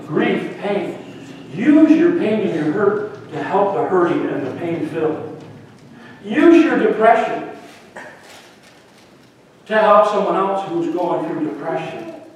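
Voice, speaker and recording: A male pastor preaching a lively sermon in a church, swinging between loud and hushed. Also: high voice, a little hiss or hum. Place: church sanctuary. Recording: echoey hall, voice from far off.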